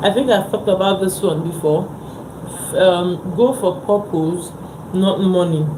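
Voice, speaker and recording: A woman giving a motivational live talk. She speaks in a lowish voice and drives each point home by repeating short phrases. The sound is roomy and echoey, with steady background noise. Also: unhurried. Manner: emphatic, repeats phrases for stress. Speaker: livestream host.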